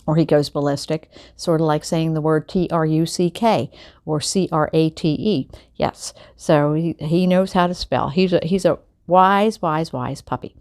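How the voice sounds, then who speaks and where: A woman's voice: deep voice, a little slow. Chatty woman reading a book aloud. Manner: chatty asides, animated character voices. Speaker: storyteller reading a children's novel aloud. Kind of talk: casual read-aloud of a book. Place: home at night.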